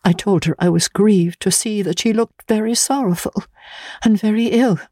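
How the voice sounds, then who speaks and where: A woman narrating a classic novel in the first person, measured and grave. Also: mid-range voice, mellow, dry recording. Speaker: audiobook narrator.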